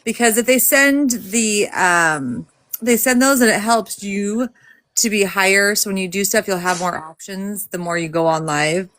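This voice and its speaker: A woman's voice: mid-range voice, measured pace, a bit bright. A woman co-hosting a casual livestream chat, friendly and matter-of-fact. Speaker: co-host.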